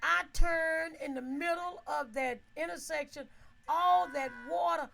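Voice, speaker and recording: A woman telling a story in a casual, animated way. She laughs often, keeps checking in with her listeners, and acts out her own shouts. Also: very high voice, a little slow, creaky.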